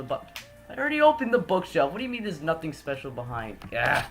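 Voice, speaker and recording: A man's voice: a little high, huge pitch swings, brisk, creaky, faint music behind. A man doing joking, rambling gameplay commentary as host, often correcting himself. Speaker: let's play host.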